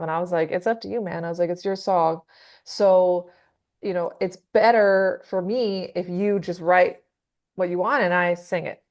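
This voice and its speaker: A woman singer in a casual interview, talking fast and loose, laughing often and acting out what other people said. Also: fairly low pitch, darkish tone. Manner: chatty, laughs often, acts out quoted people. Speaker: metal singer being interviewed.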